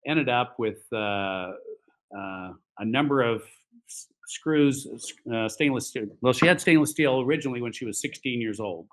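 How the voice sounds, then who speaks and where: A male orthopedic surgeon telling patient stories on a podcast, of ordinary pitch. He rambles with fillers and restarts, and acts out both sides of conversations. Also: moderate pace, fairly bright tone, poor audio. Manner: acts out quoted dialogue. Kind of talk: casual podcast storytelling.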